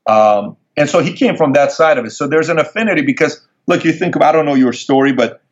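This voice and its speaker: A man telling a personal story as an interview guest, animated and acting out the people he quotes in a higher voice. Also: fast talker. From Middle East. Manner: animated, acts out quoted dialogue in raised voice. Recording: dull lo-fi sound.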